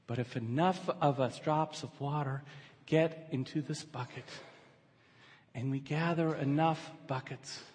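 High bright husky pastor guy storytelling in a sermon, echoey church hall. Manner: animated storyteller building to shouts.

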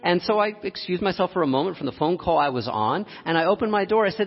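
Husky-voiced man preaching a sermon. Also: high voice, quick pace. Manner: storytelling, laughs often, lively and animated when telling a story. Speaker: pastor. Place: church sanctuary. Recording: dull lo-fi audio, long hall reverb.

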